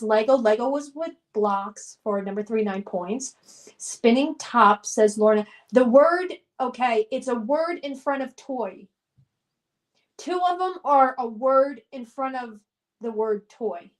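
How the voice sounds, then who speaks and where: High-voiced chatty woman streamer. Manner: chatty and upbeat, laughs often, reminiscing. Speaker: live stream host. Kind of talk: casual live stream chat, reading viewer comments aloud.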